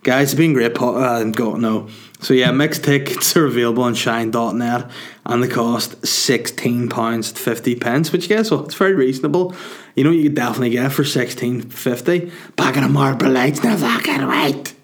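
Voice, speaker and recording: Comic host, man at the tail end of a cold, loose profane rambling, laughs at his own gags, mid pitch. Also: steady tone, normal speed. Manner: sweary, rambling, self-mocking, laughs at own jokes. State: getting over a cold. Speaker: comedian hosting a podcast. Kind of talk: rambling casual monologue.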